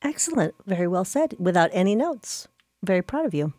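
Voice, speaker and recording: A woman hosting a casual radio chat, talkative and quick to correct herself and laugh. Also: medium pitch, very animated, dark tone, no echo, clean studio sound. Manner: chatty, self-correcting, laughs easily. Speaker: radio show host.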